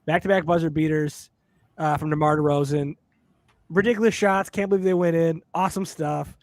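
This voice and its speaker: A man's voice: on the high side, steady tone, a little fast, no room sound, clean studio sound. A man hosting a casual sports podcast over a video call, introducing his co-hosts with jokey nicknames and an upbeat emcee manner. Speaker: podcast host.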